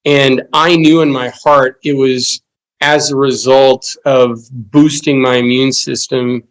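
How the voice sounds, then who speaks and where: A man who is a therapist, a guest on a podcast, calmly recounting his experience in a plain, matter-of-fact way. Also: medium pitch, slow, rough recording. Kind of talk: conversational interview.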